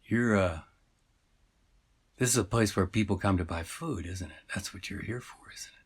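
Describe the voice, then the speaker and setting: A man voicing a calm, thoughtful talking halibut in a quiet, measured way. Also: deep voice, gravelly, slightly rough, exaggerated voice. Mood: knowing.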